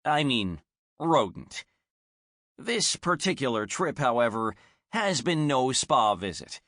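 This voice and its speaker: Expressive man narrating a storybook. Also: mid-range voice, slow, dry recording, clean studio sound. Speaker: audiobook narrator. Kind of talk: scripted narration.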